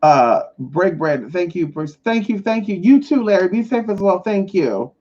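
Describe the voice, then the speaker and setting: A woman's voice: lowish voice, normal speed, highs cut off. A woman hosting a live stream as a spiritual advisor, talking bluntly and with heavy swearing, often acting out other people's lines. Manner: blunt and profane, with lively acted-out quotes. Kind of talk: casual live-stream talk.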